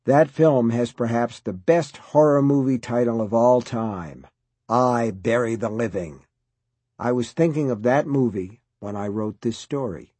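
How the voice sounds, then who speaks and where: Husky male author reading his introduction. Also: mid-range voice, a little slow, dark tone, no room sound.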